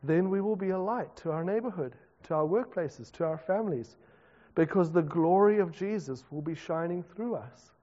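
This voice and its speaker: A South African man preaches in a relaxed, conversational way, breaking into self-deprecating asides. His voice sits high for a man. The recording is muffled, with a long echo from a big hall. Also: normal speed. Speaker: pastor. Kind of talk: sermon. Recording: dull reverberant hall recording.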